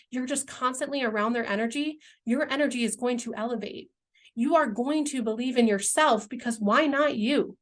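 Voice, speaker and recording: A woman, earnestly describing her business dream in a heartfelt, rambling vlog, searching for words and near tears at times. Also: high voice. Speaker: entrepreneur presenting her brand vision. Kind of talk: emotional, heartfelt vlog pitch.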